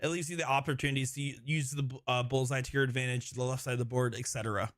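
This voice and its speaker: A man's voice: medium pitch, steady tone, racing, no room sound, studio quality. A man commentating a live darts stream, rambling and laughing often as he chats with his co-host. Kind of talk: live sports commentary, casual banter.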